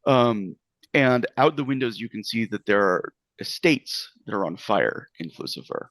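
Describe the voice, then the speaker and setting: A man's voice: lowish voice, animated, normal speed, fairly bright tone, no echo. A man narrating a tabletop game as game master, rambling with many fillers.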